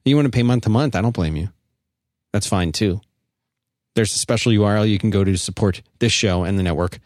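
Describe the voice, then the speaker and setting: A man's voice: on the low side, fairly quick, darkish tone, no room sound. Guy hosting a call-in podcast, jokey and loose, dry room sound. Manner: chatty, joking, reads an ad loosely. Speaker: podcast host taking calls. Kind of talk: casual call-in podcast talk.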